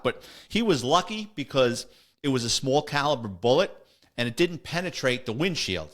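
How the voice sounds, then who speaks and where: A man's voice: mid-range voice, fairly bright tone. A man, a podcast host and former police officer, telling a war story in a blunt, streetwise, matter-of-fact way. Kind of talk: casual storytelling.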